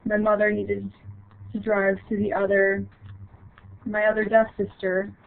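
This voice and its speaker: Woman w a gravelly voice telling a story about when she was little, stops and restarts a lot, sounds like a phone line. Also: medium pitch, completely flat delivery. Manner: halting short phrases with frequent restarts. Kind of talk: personal childhood story.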